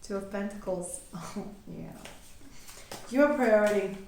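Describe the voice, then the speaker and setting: A woman's voice: medium pitch, measured pace, gravelly, heavy reverb, background noise. A young woman giving a casual tarot reading, chatty and giggly, acting out little quoted voices. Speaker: tarot reader.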